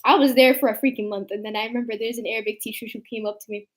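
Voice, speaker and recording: A woman chatting casually with her sister, telling embarrassing stories in an animated way and acting out the quotes. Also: on the high side, very fast. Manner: animated storytelling with acted quotes. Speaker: youtuber. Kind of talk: casual chat.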